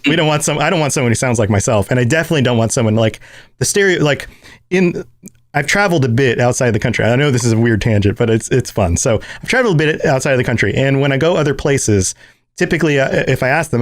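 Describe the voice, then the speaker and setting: Lively American-sounding podcast host man. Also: medium pitch, quick pace, no room sound, clean studio sound. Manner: animated, laughs often and slips into impressions. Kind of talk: casual chat.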